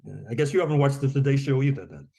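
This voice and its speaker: A man's voice: medium pitch, animated, very fast, creaky, warm tone. A man talking as a guest author in an interview, rambling and discursive, chuckling between phrases and restarting with repeated words.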